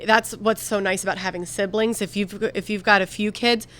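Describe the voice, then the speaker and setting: A woman's voice: mid-range voice, fairly even intonation, fairly quick, a bit bright. A middle-aged woman from the Philadelphia area co-hosting a TV advice show, talking casually and often restarting her sentences. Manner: chatty, restarts often when making a point.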